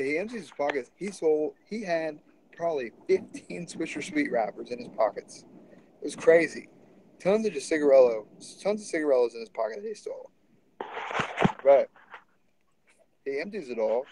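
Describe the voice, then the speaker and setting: Animated rambling man telling a story. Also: on the high side, normal speed, a little hiss or hum, low-quality recording. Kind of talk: casual storytelling.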